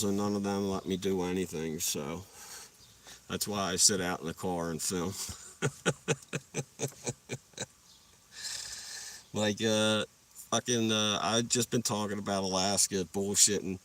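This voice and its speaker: A man's voice: lowish voice, slow, long pauses, pushed and bright, distant mic. A young man telling rambling, profane stories while sitting in his parked car, laughing at his own jokes. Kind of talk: casual storytelling livestream.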